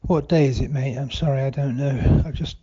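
An actor playing a confused man leaving a halting voicemail in a comedy sketch. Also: medium pitch, fairly even intonation, warm tone, breathy edge, highs cut off, natural voice. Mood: dazed worried. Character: dazed, bewildered British man after a bad drug trial.

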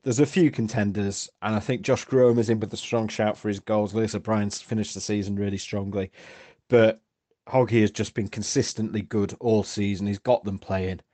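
Man, lowish voice, steady prepared rundown, dry mic. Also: dry recording. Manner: measured, steady, reads through picks. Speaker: podcast contributor. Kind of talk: prepared spoken segment.

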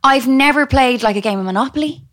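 A woman's voice: high-pitched, fast, a crowd in the background. A woman with an Irish accent, co-hosting a podcast in casual chat, chatty and self-deprecating, laughing easily. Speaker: podcast co-host.

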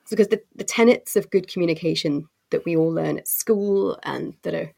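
Low gravelly woman, husky voice. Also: brisk, mellow. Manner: articulate and expansive, with frequent fillers and restarts. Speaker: company co-CEO guest. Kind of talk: podcast interview answers.

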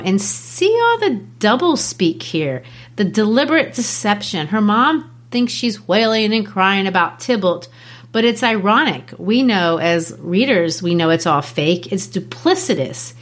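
A woman teaching a literature lesson, animated and enthusiastic, with quick asides. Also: medium pitch.

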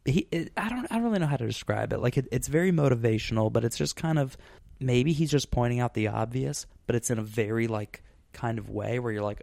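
A man's voice: mid-range voice, fast talker, vocal fry, a little mellow, no room sound. Rambling man chatting casually on a podcast. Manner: rambling, full of fillers and restarts. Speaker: podcast host. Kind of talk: casual chat.

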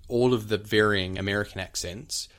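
A man's voice: fairly low pitch, fairly even intonation, moderate pace, a bit bright. A man with a New Zealand accent casually explaining things like a teacher on a podcast. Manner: explanatory, teacherly, demonstrates speech sounds.

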